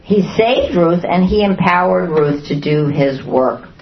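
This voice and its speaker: Teaching a Bible study to a group, this woman speaks unhurriedly in a fairly low pitch, with a little hiss or hum underneath. She frequently questions her listeners and performs the quotes she reads aloud. The recording sounds roomy, dull and lo-fi.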